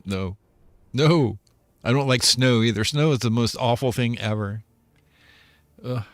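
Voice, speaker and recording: This American co-host keeps up relaxed, rambling talk and frequent laughter while playing a game. His mid-range voice moves a little slowly, and there's no room sound on the recording.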